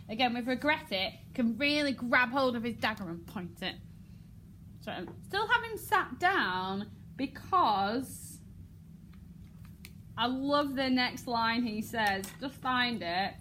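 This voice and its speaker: An English woman teaching a drama lesson, acting out lines with sudden shouts and laughing often. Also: fairly high pitch, animated, takes it slowly, slight background noise.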